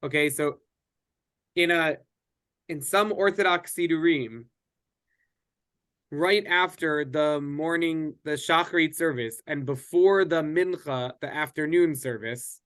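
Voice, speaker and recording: A man with a somewhat high voice leads a relaxed Bible class. He talks conversationally, doubling back and restarting sentences and filling pauses as he explains. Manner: conversational, many restarts and fillers. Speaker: teacher.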